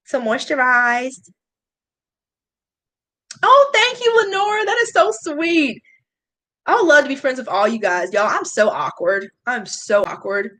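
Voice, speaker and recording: A woman in her late 20s, a YouTube beauty vlogger, speaks casually and emotionally to viewers on a live stream, confiding and addressing chat directly. Her voice is a little high and a bit bright, on a rough recording.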